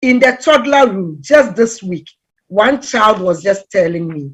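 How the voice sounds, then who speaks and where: Animated woman telling stories, fairly high voice. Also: measured pace, slightly rough. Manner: animated storytelling, acts out quoted voices. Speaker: relationship talk guest speaker. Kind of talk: conversational talk on relationships.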